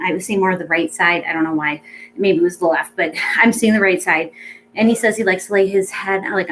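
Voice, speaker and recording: A woman speaking as a pet psychic medium in a casual reading, chatty and rambling with many ums, gentle and reassuring. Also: fairly low pitch, slight background noise, low-quality recording.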